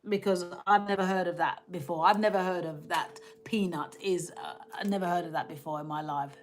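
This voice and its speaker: A woman's voice: fairly low pitch, steady tone, brisk. A woman hosting a casual live stream, chatting with viewers, laughing often and reading out their comments. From England.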